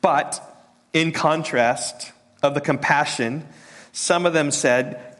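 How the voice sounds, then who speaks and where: A man preaching a sermon as a pastor, halting and repeating words, sinking to a soft hush on tender points. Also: fairly high pitch.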